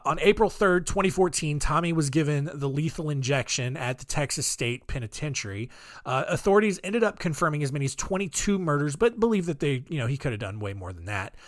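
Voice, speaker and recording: A podcast host casually telling true-crime stories, rambling with filler words and jokey asides. His voice sits a bit high for a man and swings lively up and down. The sound is dry and close. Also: normal speed, dry recording.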